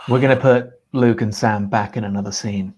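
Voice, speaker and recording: A man's voice: fairly low pitch, steady tone, a little fast, a little mellow, breathy edge. A man in an improv comedy show, telling a story in a playful way.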